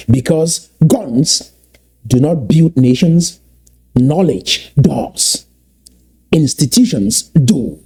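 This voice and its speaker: A man giving impassioned political commentary, emphatic and repeating key points slowly for weight. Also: fairly high pitch, animated, mellow, breathy edge.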